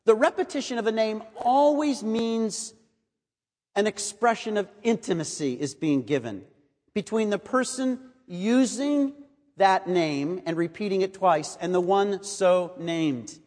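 A man preaching a sermon in a measured, earnest way, reading and explaining scripture. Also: high voice, expressive, a little mellow. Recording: long hall reverb.

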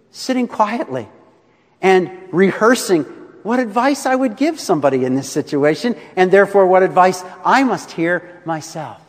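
A man preaching a sermon as pastor, expressive, swinging between rising emphasis and soft, quiet drops. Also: high voice, long reverb tail.

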